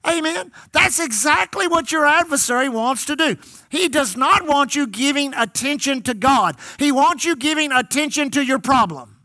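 Pastor, fifties, high bright voice, emphatic sermon delivery, repeats key lines to the church; dry close recording. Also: male voice, expressive, normal speed, dry recording.

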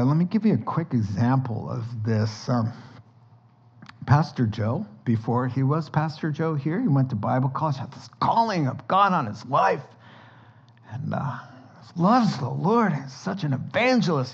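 Animated man preaching a sermon, lo-fi. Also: a little high, a little slow, creaky, husky. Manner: lively storytelling, acts out sounds and dialogue. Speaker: pastor.

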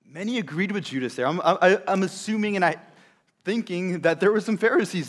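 A male preacher retelling a scripture story in an animated, conversational way, with rhetorical questions to the audience. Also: high voice, brisk. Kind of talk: sermon storytelling.

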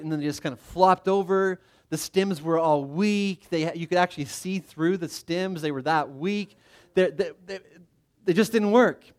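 A middle-aged man preaching in a relaxed, conversational way, with a voice a little higher than most men's. He pokes fun at himself and trips over his words, restarting phrases as he goes. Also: clean tone. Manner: conversational, self-deprecating, with frequent restarts. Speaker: pastor. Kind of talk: sermon.

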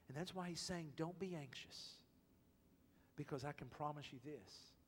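Pastor preaching with long hall reverb. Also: male voice, medium pitch, a little hiss or hum. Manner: emphatic, swings from loud exhortation to hushed whispers. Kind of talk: sermon.

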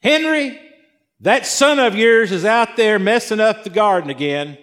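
A man's voice: sits high, animated, a little slow, fairly bright tone, long reverb tail. A man voicing a complaining wife who scolds her husband about their children. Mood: exasperated. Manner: complaining, exasperated.

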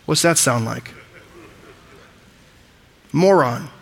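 A man's voice: fairly high pitch, normal speed, a bit bright, in a large hall. A man preaching a sermon with emphatic delivery, explaining scripture word by word. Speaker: pastor.

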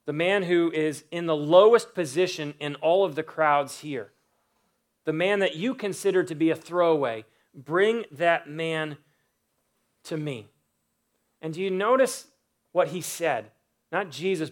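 A man preaching a sermon, earnest, with pauses and rhetorical questions. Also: on the high side.

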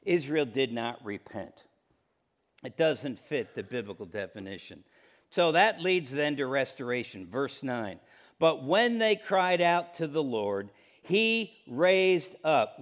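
Often addressing questions to his congregation, a middle-aged male pastor preaches in a conversational manner, his voice on the high side.

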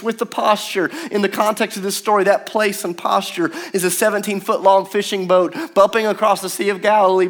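A young man preaching a sermon in a conversational, animated way, acting out the quotes he tells. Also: a little high. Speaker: pastor.

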